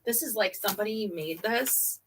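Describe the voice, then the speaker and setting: A woman's voice: medium pitch, expressive, normal speed, background noise. A woman hosting a casual livestream, chatting loosely with lots of fillers as she looks through clothes. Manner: chatty, giggly, fillers like "um" and "you know". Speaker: livestream host. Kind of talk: casual chat while unboxing clothes.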